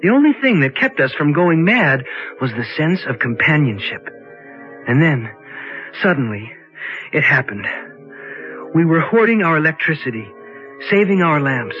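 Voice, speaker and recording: A man's voice: fairly high pitch, very animated, normal speed, long pauses, faint music behind. An actor playing a young man lost in a cave, narrating his ordeal earnestly in an old radio drama. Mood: tense. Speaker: narrator and hero. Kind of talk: 1950s radio drama acting. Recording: dull lo-fi old radio recording.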